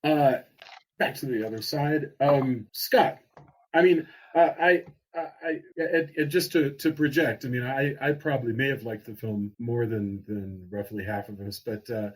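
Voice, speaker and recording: Husky male host, halting and hesitant, casual film talk. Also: mid-range voice, rough recording. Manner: hesitant, halting questions to a guest.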